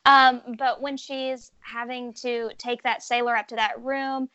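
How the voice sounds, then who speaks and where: A woman's voice: fairly high pitch, level tone, a little slow, bright, forceful tone, dry recording. Chatty woman, dry muffled podcast sound. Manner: chatty, laughs a lot, blunt. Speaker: podcast co-host. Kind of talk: casual movie podcast chat.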